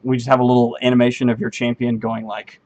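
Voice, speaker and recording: Guy coding live on stream, thinking out loud, lots of ums, friendly and a bit self-deprecating, talks into a desk mic. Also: mid-range voice, flat delivery, fast talker. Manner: thinks aloud, rambling with many ums and half-finished sentences; friendly and self-deprecating, answers chat readers. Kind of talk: casual live-stream chat while programming.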